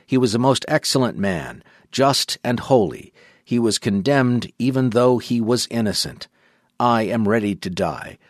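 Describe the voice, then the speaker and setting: A man voicing a devout condemned martyr who speaks with earnest, steady defiance. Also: mid-range voice, a little slow, no echo, clean studio sound. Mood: defiant.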